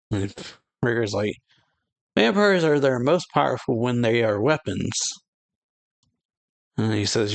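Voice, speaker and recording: A man's voice: medium pitch, gravelly. A man reads manga dialogue aloud for his reaction channel, and his voice sits in the middle range. He jumps up a little for the characters' lines and laughs between them, in a loose, casual way.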